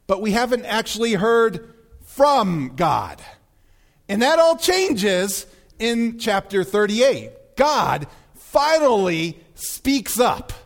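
High, lively male pastor preaching. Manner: animated storytelling, acting out film scenes. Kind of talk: sermon.

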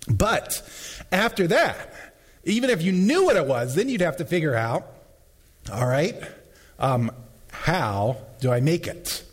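Pastor, male, hoarse from preaching, animated pitch, emphatic repeats, echoing sanctuary. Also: slow, pauses often. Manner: emphatic, repeats key phrases. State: losing his voice. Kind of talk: sermon. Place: church sanctuary. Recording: long hall reverb.

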